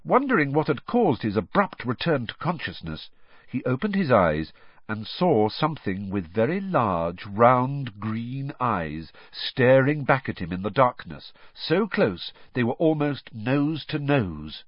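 A man narrating a storybook with expressive storytelling. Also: medium pitch, measured pace, no room sound. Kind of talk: audiobook reading with character voices. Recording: dull dry lo-fi.

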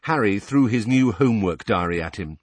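A man narrating a fantasy audiobook in a low, husky voice. His reading rises and falls expressively, close to the mic in a dry space. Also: lively intonation, normal speed, no room sound.

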